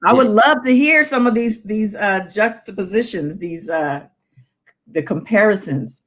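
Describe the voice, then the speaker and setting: A woman hosting a casual talk show, relaxed and agreeable, laughing easily as she shares her thoughts. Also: medium pitch, unhurried. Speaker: podcast host. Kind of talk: casual podcast chat.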